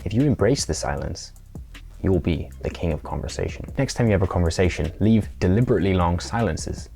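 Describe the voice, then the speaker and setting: A man with a very deep, low voice talks through a tutorial, keeping it playful with small acted-out exchanges. Soft music plays under him. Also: lively intonation, fairly quick. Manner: playful, acts out mock dialogue. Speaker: presenter. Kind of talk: scripted tutorial talk.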